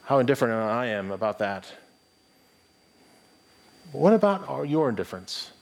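A man's voice: mid-range voice, big pitch swings, moderate pace, vocal fry. A middle-aged man preaching a sermon in an earnest, conversational way, reading scripture aloud and often restarting his phrases. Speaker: pastor.

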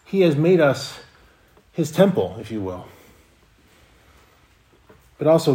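A man's voice: medium pitch, animated, moderate pace, pauses often, mellow. A man preaching a sermon as pastor, earnest, often repeating words as he restarts a phrase.

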